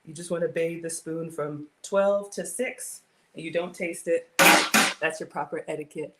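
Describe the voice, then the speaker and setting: A woman's voice: deep voice, steady tone, moderate pace, over music. A woman in her forties hosting a casual home cooking livestream from her kitchen, chatty and greeting viewers by name.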